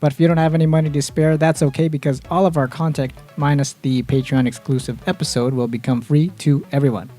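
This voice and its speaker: A man hosting a casual gaming podcast, his voice sitting a little higher than most men's. He jokes and laughs with his co-hosts, then runs through the outro with upbeat energy. Soft music plays faintly underneath. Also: steady tone, fast, few pauses. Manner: laughs often, reads the sign-off upbeat. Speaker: podcast host.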